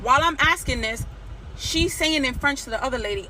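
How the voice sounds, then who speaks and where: A woman's voice: sits high, fairly quick, noisy background. A woman from Nigeria telling a story in a blunt, profane rant, acting out the lines of the people in it. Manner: blunt, profane, animated retelling with quoted dialogue.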